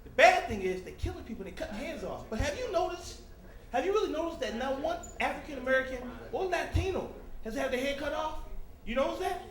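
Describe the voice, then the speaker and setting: A man doing a stand-up comedy set, animated, talking straight to the crowd and slipping into loud character voices. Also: extremely high pitch, fast talker, roomy sound. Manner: talks directly to the crowd. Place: comedy club stage.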